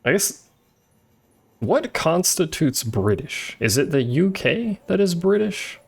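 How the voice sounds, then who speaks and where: Faint game music plays while this streamer jokes around and talks to chat about his game. He speaks slowly in a sing-song, higher-leaning voice that's gravelly with a breathy edge.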